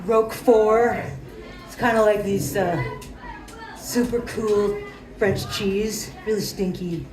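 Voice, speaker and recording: A woman performing live improv comedy, slow and deadpan. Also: medium pitch, far from the mic. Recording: roomy bar recording. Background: audience crowd.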